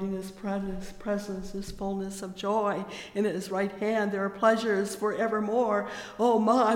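A preacher delivering a fervent, exclamatory sermon, breaking in again and again with cries of praise. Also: medium pitch. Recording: echoey hall with long reverb.

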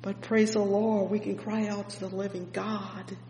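A preacher delivering a fervent sermon, repeating "oh, yes" and "praise the Lord" and swinging between loud and hushed. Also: mid-range voice, little pitch movement, normal speed. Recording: echoey hall with faint hum.

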